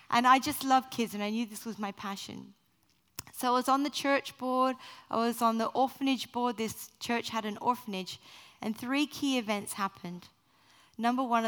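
Middle-aged woman sharing her testimony in a church hall, bit high voice, long hall echo. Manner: animated storyteller, self-mocking, acts out quotes. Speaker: missionary speaker. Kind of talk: personal testimony talk. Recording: reverberant hall.

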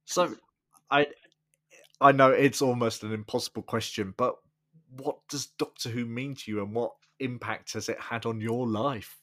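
Relaxed man hosting a podcast. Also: medium pitch, normal speed. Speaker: podcast host. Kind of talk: casual chat.

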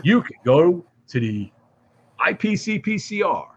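A man's voice: high voice, very animated, a little slow, breathy edge, dull audio, pitched above the performer's own voice, full character voice. A man quoting a blunt, teasing cigar shop buddy.

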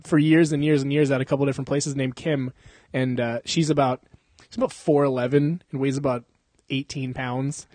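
A young man hosting a casual chat, swearing freely, laughing often and telling animated stories. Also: medium pitch, no room sound. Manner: profane, laughing, animated storytelling. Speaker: podcast host.

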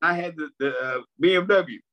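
A man's voice: a little high, moderate pace. A male stand-up comedian in casual chat, reminiscing in a laid-back way. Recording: dull lo-fi sound.

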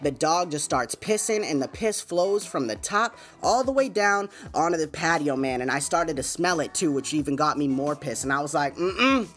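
A podcast host speaking from home has a fairly high, fairly bright voice with lively intonation, moving at normal speed with few pauses. His casual storytelling monologue is laid-back and chatty, sprinkled with asides and fillers like "man" and "you know what I'm saying."

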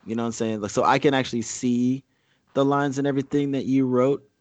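A man's voice: mid-range voice, steady tone, a little fast, dry recording. A man in casual conversation as a co-host, rambling with frequent fillers and restarts, and reading a speech aloud. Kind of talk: casual chat.

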